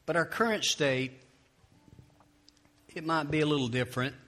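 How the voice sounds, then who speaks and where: A male pastor preaching a sermon and leading prayer, telling stories in an animated way that builds to loud, emphatic peaks. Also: fairly high pitch, normal speed.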